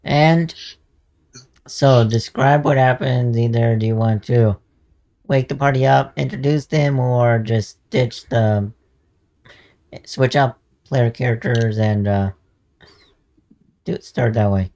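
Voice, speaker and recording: A man's voice: mid-range voice, steady tone, takes it slowly, pauses often, darkish tone. A man running a tabletop game as game master, narrating and guiding the players, with laughing asides.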